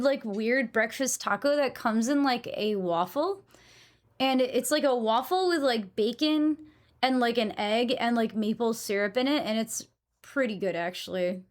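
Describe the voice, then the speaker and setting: A young woman from New England talks casually to her stream chat. Her voice sits a little on the high side, and her manner is blunt and opinionated, with plenty of swearing. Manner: chatty, blunt, swears freely.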